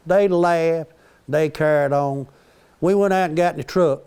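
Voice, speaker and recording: A man's voice: on the high side, moderate pace, darkish tone, clean tone. An older man, telling rambling, joking stories about his family. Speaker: storyteller. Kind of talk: casual storytelling.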